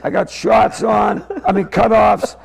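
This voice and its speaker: Gravelly high-voiced older man telling a story. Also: flat delivery, unhurried, rough recording. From Massachusetts. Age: 60s. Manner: rambling, acts out both sides of the story. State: coughing, throat-clearing. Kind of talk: comic storytelling. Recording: public-access TV archive tape.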